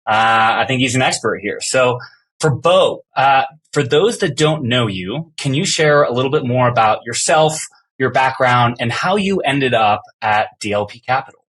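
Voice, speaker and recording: Male podcast host, upbeat intro delivery, mid-pitched voice. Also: a bit bright. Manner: upbeat, with some filler words.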